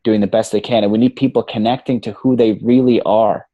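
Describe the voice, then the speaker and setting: A man's voice: lowish voice, fairly even intonation, fairly quick, no room sound, narrow, tinny audio. A man guesting on a podcast as a coach, talking casually and with animation, swearing freely and saying "man" and "you know" a lot. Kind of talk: casual interview talk.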